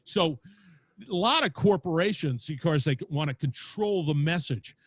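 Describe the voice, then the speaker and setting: A man with a big booming voice telling stories animatedly as a podcast guest, acting out quotes as he talks. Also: expressive, moderate pace, breathy edge, no echo. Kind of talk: lively storytelling interview. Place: home studio with lights.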